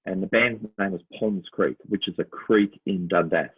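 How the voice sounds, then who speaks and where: A man's voice: sits low, moderate pace, husky. A middle-aged man with an Australian accent, co-hosting a casual chat and telling stories with lots of laughs and little voices. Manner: animated storyteller, laughs often, slips into voices. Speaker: podcast co-host. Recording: tinny phone-line sound.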